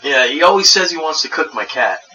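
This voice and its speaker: A man co-hosting a casual podcast, crude and quick to laugh, often stumbling and restarting. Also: a little high, animated, sharp tone, lo-fi sound. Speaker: podcast co-host. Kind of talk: casual chat. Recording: distant mic with background noise.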